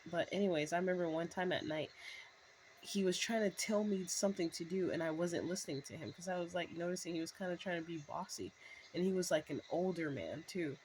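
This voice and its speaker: A woman's voice: lowish voice, a little fast, darkish tone, a little hiss or hum, low-quality recording. A woman in her thirties telling a rambling story to camera, full of fillers and restarts. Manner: breaks into laughs. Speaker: vlogger. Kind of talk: casual storytelling monologue.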